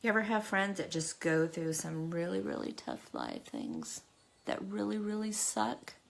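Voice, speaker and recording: A woman's voice: medium pitch, sing-song, unhurried, vocal fry, a little hiss or hum. A woman hosting a live makeup stream, chatty and emotional, talking to her viewers by name. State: tearful at times. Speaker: makeup livestream host. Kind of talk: casual live makeup chat.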